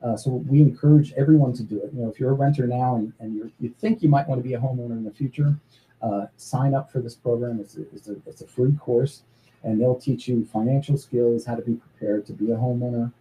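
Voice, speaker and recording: A man talking earnestly as an interview guest about his charity's work, pausing often with fillers and restarts. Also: medium pitch, fairly even intonation, warm tone, slight background noise, low-quality recording. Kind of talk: casual interview talk.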